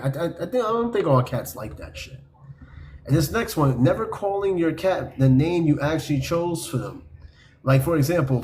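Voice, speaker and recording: A man's voice: on the high side, darkish tone. A man hosting a podcast, reading a list aloud and mocking it in blunt, profane casual talk. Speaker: podcast host.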